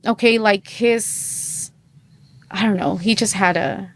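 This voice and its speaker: A woman's voice: mid-range voice, takes it slowly. Woman in her thirties telling her story. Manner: chatty, acts out quoted dialogue, many fillers. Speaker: podcast guest. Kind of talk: personal testimony in casual conversation.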